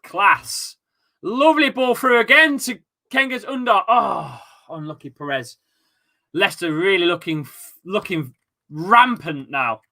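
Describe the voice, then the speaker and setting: Excitable, sweary East Midlands football fan. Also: male voice, high voice, a little slow. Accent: East Midlands English. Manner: excitable, sweary, rambling banter. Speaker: host of a fan watchalong stream. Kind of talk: live football fan watchalong commentary.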